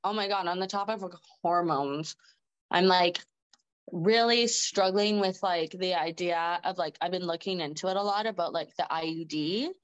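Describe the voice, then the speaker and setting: Lowish woman's voice, chatty podcast guest, giggly and rambling. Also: normal speed, clean tone, dull audio. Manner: chatty, laughs often, heavy use of "like". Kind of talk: casual conversational storytelling.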